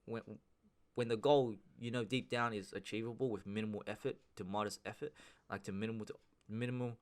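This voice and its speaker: A man's voice: lowish voice, steady tone, a little fast, smooth. A man hosting a solo podcast, talking casually and rambling with frequent restarts, slang and swearing. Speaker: podcast host.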